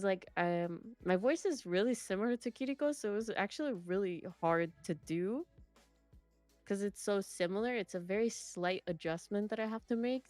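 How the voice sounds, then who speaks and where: A woman's voice: on the low side, a little mellow. A young woman chatting as an interview guest, rambling with lots of fillers and restarts. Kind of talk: casual chat.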